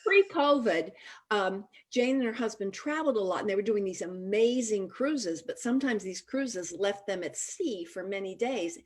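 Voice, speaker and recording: A woman's voice: mid-range voice, moderate pace. Chatty woman host on a video call. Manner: lively storyteller, chatty. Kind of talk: casual chat.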